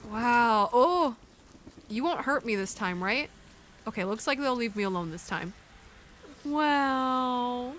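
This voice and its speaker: Bright, lively young-sounding woman streamer. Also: on the high side, slow, pauses often, a little hiss or hum. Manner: chatty, muses aloud and answers chat, coos at game creatures. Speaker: streamer playing a video game. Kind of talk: casual live-stream commentary. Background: faint game music.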